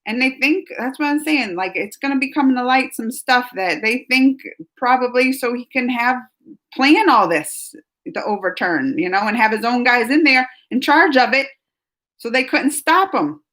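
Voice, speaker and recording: A woman's voice: fairly high pitch, expressive, normal speed. A woman hosting a casual live chat, rambling and getting worked up as she reads comments. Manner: rambling, gets worked up then trails off quietly. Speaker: livestream host reading chat.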